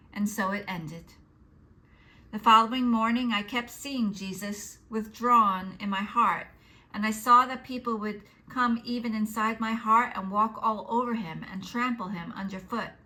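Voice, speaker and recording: Female reader for a religious text, fairly high and bright, earnest and measured. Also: low-quality recording. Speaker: devotional reader. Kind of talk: scripted reading of a religious text.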